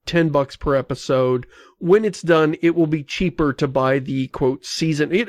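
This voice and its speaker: A man's voice: on the high side, no echo. A man hosting a podcast, chatting casually and reading listener mail aloud. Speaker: podcast host. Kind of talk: casual chat.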